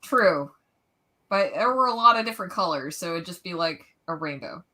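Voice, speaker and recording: Bright-voiced woman chatting casually. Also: fairly low pitch, lively intonation, moderate pace. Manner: chatty, joking, sarcastic. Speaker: podcast co-host. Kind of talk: casual chat.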